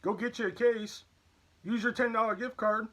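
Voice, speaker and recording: Candid male vlogger, slightly high and crisp-toned, chatty and loose. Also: steady tone, moderate pace, fairly bright tone. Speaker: YouTube channel host. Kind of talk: casual product review and haul vlog.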